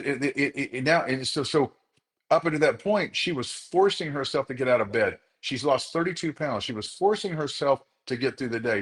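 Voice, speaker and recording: Earnest man telling a story to a group. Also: mid-range voice. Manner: earnest, repeats words for emphasis; addresses the group directly. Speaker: chiropractor leading a group session. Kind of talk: motivational storytelling talk.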